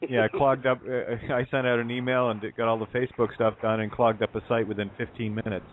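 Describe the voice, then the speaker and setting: A man's voice: medium pitch, flat delivery, fairly quick. A man co-hosting a radio show, rallying listeners in loose, hesitant talk full of fillers. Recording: tinny phone line.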